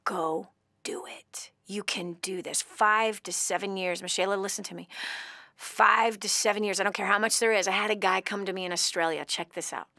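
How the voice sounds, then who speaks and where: A woman hosting a call-in advice show, talking bluntly and emphatically, scolding and coaching her caller, swinging from loud bursts to hushed tones. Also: medium pitch, fairly even intonation, fairly quick, creaky, no room sound, clean studio sound. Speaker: radio show host giving financial advice to a caller.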